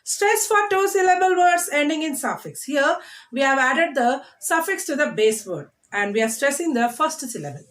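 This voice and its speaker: High-voiced woman teaching schoolchildren. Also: lively intonation, a bit bright. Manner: drills words slowly, spells them letter by letter; coaxing, asks "okay, children?" often. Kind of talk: classroom reading lesson.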